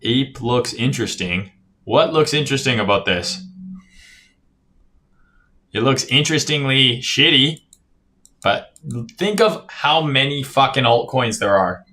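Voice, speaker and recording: A man's voice: medium pitch, expressive, measured pace, long pauses, sharp tone. A man streaming casual crypto chart analysis, talking loosely with swearing, reading viewer comments aloud and often tagging "right?". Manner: casual, profane, reads chat aloud, says "right?" often. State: yawning, tired.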